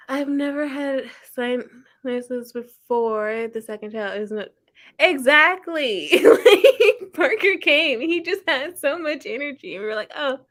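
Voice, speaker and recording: A woman hosting a casual reading-sprint stream from home, chatting in a rambling way and laughing often. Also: a little high. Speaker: livestream host.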